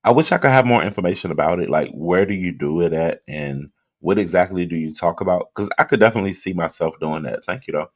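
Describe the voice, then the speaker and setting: This man's low voice is expressive and fast, with hardly any pauses. On his casual livestream he's drinking, going through viewer comments, and chatting loosely and straight to the audience.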